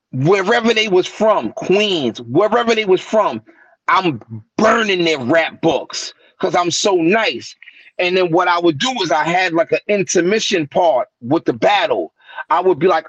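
A man tells his stories in a lively way, higher-pitched than most men, and jumps up in pitch whenever he quotes someone. His voice comes through a dull, lo-fi web call with a dry, close sound. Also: unhurried, breathy edge, no room sound. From New York. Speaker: guest rapper. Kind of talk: casual storytelling interview. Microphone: remote call mic.

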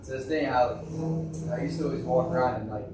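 A man's voice: mid-range voice, fast talker. A male student answering in class, hesitant and full of fillers. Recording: distant echoey room mic, background noise.

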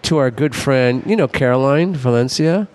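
A man's voice: mid-range voice, lively intonation, normal speed, darkish tone. A middle-aged man co-hosting a talk show, telling rambling stories in casual chat, laughing often and acting out what people said. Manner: rambling storyteller, acts out quotes, laughs often. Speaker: podcast co-host.

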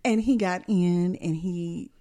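A middle-aged woman co-hosting a casual chat in a studio, telling stories in an animated way and laughing often. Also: lowish voice, slow. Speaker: podcast co-host.

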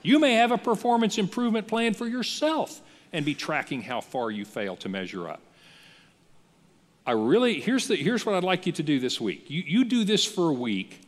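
A man preaching a sermon as a pastor, in a conversational, lively style that acts out the voices he quotes. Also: fairly high pitch, brisk, big-room sound. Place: church.

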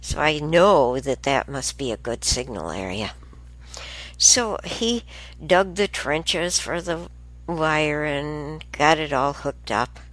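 Lady rambling thru a story, low voice, bouncy and slow, lots of little laughs and asides. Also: animated, a bit bright. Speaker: show host. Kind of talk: casual monologue.

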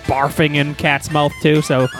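A man's voice: a little high, level tone, a little slow, fairly bright tone, soft background music. A man improvising a crude, rambling comedy story as host, with heavy profanity.

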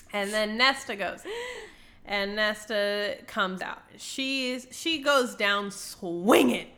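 A woman in her twenties chatting casually, crude and giggly, acting out characters in quick voices. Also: mid-range voice, pushed and bright. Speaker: podcast co-host recapping a book. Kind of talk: casual chat, retelling with quoted voices.

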